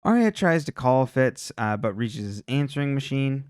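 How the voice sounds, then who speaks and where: A man's voice: mid-range voice, animated, moderate pace, clean tone, no room sound, clean studio sound. A man co-hosting a podcast, recapping TV episodes in a loose, chatty way with lots of "like" and "um". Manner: loose and chatty, full of "like" and "um" fillers. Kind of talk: casual recap chat.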